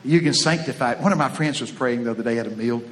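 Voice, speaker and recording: Talking fast in a medium-pitched, fairly bright voice, a middle-aged man with a Texas accent preaches through homespun stories. His style is folksy and joking, full of drawling Southern turns of phrase, and a slight hiss or hum sits under the audio.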